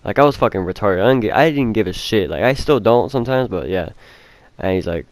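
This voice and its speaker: Brief: young male vlogger, low voice, dry close sound, swears a lot, rambles. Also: lively intonation, fairly quick, no room sound. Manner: rambling, heavy swearing, lots of fillers. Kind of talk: casual storytime.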